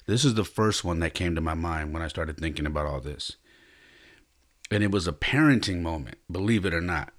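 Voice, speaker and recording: Earnest reflective man, low voice. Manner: reflective, earnest, halting with restarts. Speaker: podcast host. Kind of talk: personal storytelling.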